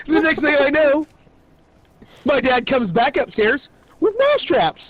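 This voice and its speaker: High-voiced man swearing through a wild story. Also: a little slow. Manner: profane, laughing, animated anecdote telling. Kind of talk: casual storytelling chat. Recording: tinny phone-like audio.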